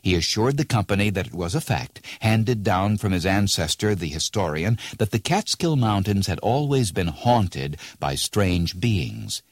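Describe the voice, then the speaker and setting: A man narrating a classic tale in an expressive, measured storybook reading. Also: low voice, no echo, clean studio sound.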